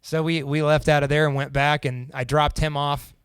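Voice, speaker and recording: A man's voice: a little high, little pitch movement, normal speed, clean tone, no echo, clean studio sound. Casual young man telling a story. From Central Indiana. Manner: casual and profane, acts out the quoted lines. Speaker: podcast guest.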